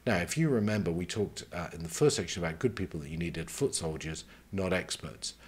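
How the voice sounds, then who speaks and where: A man speaking as a career mentor, giving advice in a measured, conversational way and taking his points one at a time. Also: low voice, slightly rough.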